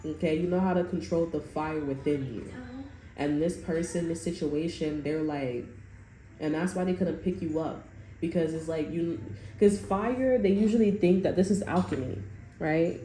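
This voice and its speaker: A fairly low-pitched, mellow-voiced woman does a casual tarot reading, talking bluntly with swearing and raising her voice to play out others' remarks. The sound is roomy, and faint music can be heard.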